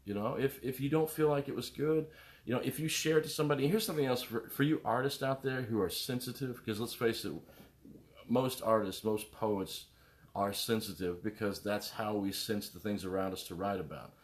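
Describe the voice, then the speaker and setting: Here a middle-aged man who plays music streams live, talking briskly in a voice on the low side. He rambles in an animated, casual way, naming viewers as he greets them and switching topics often.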